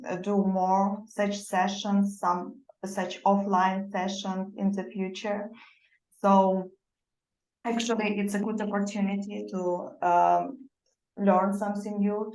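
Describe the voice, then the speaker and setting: A woman whose first language is Ukrainian wraps up an online session as its host. She speaks very slowly and carefully, and fills her pauses with hesitations. She sits well back from the mic in a roomy space. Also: medium pitch, recorded from a distance. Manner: hesitant, careful, with many fillers. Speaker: organizer and host. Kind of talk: closing remarks of an online session.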